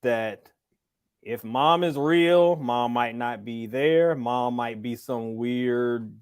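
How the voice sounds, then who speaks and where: A man co-hosting a podcast, chatting casually with relaxed, opinionated banter. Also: medium pitch, slow, smooth. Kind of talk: casual chat.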